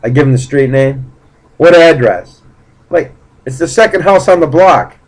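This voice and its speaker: A man's voice: a little high, fairly quick, poor audio. A man casually recounting a personal story in a blunt, profane way, rambling with fillers and restarts. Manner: blunt, profane, indignant retelling. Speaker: vlogger.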